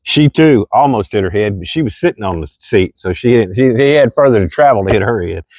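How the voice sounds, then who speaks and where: A middle-aged man, telling a true story from his childhood in a folksy, animated way with loud exclamations. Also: lowish voice, brisk, dry recording, clean studio sound. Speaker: storyteller vlogger. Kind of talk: casual storytelling.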